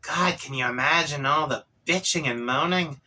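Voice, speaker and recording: A man's voice: on the high side, normal speed, pushed and bright, rough recording. A man voicing a sarcastic young male troll who talks in a snarky, exasperated way.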